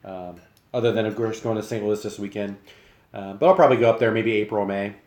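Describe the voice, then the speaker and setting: A man's voice: lowish voice, fast talker, darkish tone, roomy sound. A young man chatting casually with his live-stream viewers from his home kitchen, rambling and friendly, sometimes talking with his mouth full.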